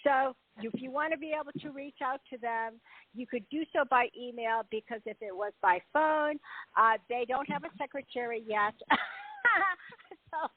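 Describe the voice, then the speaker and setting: A woman's voice: high-pitched, normal speed, no echo. A woman hosting a casual group call who is effusive and upbeat and tends to repeat herself. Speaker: host. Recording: tinny phone line, dry.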